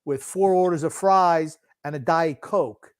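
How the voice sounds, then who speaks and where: A retired older man co-hosting a sports podcast, gruff and insistent, repeating his points. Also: fairly high pitch, measured pace. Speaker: podcast co-host. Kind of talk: casual sports chat.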